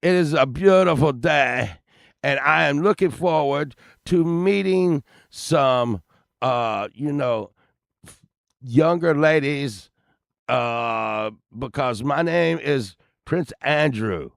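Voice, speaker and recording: A man putting on the voice of a pompous, posh British aristocrat, delivered in a stumbling, halting mock-posh manner. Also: fairly high pitch, vocal fry, dry recording, studio quality, voice pushed up. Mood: smug.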